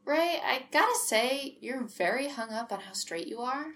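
An eager, nosy male counselor, as a woman reading a story puts him on. He sounds encouraging and keen, and his pitch bounces around a lot. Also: animated, normal speed, a bit bright.

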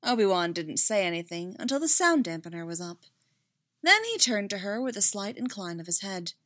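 A woman slowly narrating a fan story as an audiobook. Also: mid-range voice, sing-song, a bit bright, no echo, clean studio sound. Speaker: reader.

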